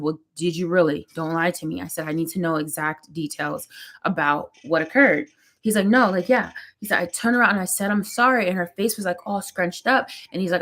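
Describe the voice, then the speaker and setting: A young woman chatting to camera as she does her makeup, telling a story about her son with lively quotes. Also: fairly low pitch. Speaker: vlogger, mother. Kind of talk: casual chat to camera. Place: home.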